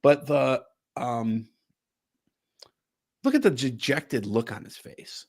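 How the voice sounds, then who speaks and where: A man of ordinary pitch co-hosting a stream with a joking tone. He stumbles and restarts his sentences, laughing often as he talks. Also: animated, slow pace, a little mellow. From Connecticut. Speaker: co-host of a political stream. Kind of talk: casual political chat.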